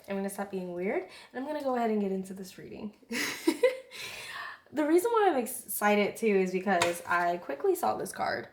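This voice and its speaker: A woman giving a casual spiritual tarot reading, earnest and effusive, chatting with soft whispered asides. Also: medium pitch. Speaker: tarot reader.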